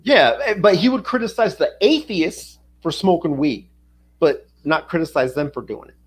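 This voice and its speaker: A man's voice: on the high side, animated, normal speed, husky. A man in casual chat who mostly agrees and backs up the other speaker with loose replies. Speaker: co-host.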